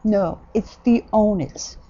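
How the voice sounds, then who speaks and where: A woman ranting bluntly and sarcastically in a casual vlog, jumping from loud outbursts to low mutters. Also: takes it slowly, muffled recording. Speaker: vlogger.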